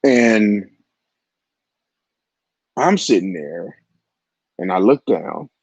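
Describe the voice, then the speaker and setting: A man's voice: lowish voice, animated, extremely slow, darkish tone, slightly rough, dry recording. Man in his forties, crude rambling storyteller. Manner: crude, rambling, frequent asides to the listener. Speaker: vlogger. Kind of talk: raunchy personal storytelling. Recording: dull, lo-fi, dry audio.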